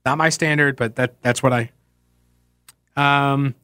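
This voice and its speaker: A man's voice: mid-range voice, fairly even intonation, slow, sharp tone, smooth, dry recording, studio quality. A man hosting a political talk radio show, speaking casually and with strong opinions, musing aloud and reading listener messages. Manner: opinionated, rambling, reads listener emails aloud.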